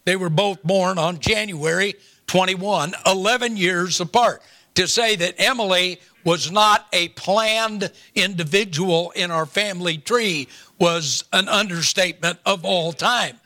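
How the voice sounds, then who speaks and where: A man's voice: high voice, bright, forceful tone. An older man preaching a sermon, telling a folksy family story with humorous asides before turning to scripture. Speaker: pastor.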